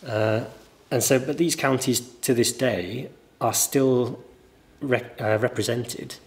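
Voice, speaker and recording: A man with a mild northern English accent, a teacher giving a relaxed guest interview and telling stories thoughtfully at length. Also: mid-range voice, takes it slowly. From northern England. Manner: thoughtful, anecdotal, explains at length.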